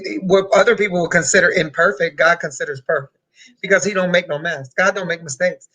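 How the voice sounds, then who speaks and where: A woman hosts a motivational talk show, her voice bright and forceful. She talks in an animated, playful way, teasing and encouraging as she goes. The mic sits a little away from her. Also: lowish voice, distant mic, poor audio. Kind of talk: casual motivational chat.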